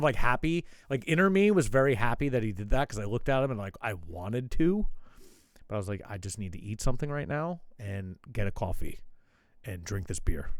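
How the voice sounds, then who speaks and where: A man's voice: medium pitch, no room sound. A man hosting his own show, telling a rambling, profane story in casual chat. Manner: swears a lot, rambling asides. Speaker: show host.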